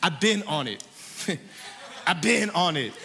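A preacher voicing a calm fatherly God. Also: a little high, takes it slowly, creaky, a little hiss or hum, exaggerated voice. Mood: reassuring. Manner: calm, reassuring. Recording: echoey hall.

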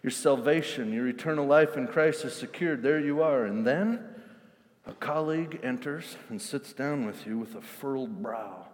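An intense male pastor preaches, shifting into animated little scenes as he goes. His voice sits mid-range and rings with a long hall reverb. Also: mid-range voice, moderate pace. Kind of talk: sermon.

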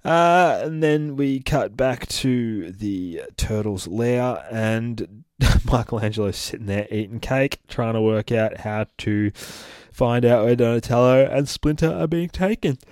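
A man's voice: medium pitch, slow, a little mellow, dry recording, studio quality. A man casually retelling a comic book story, swearing freely and laughing at his own rants. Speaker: comic book podcast host. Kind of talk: casual profane comic recap.

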